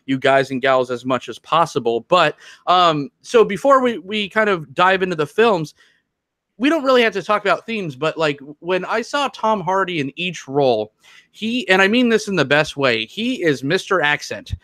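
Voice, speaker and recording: Guy cohosting a film podcast, kinda high, crisp sharp voice, dry close sound, rambles and jokes. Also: expressive, moderate pace, dry recording. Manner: rambling, self-interrupting and joking. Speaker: podcast co-host. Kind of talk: casual chat.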